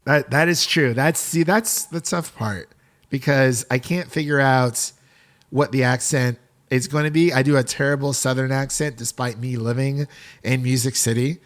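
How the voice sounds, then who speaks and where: A man's voice: mid-range voice, fairly even intonation, normal speed. Chatty upbeat male podcast host. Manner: upbeat and chatty, laughs often. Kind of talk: casual podcast chat.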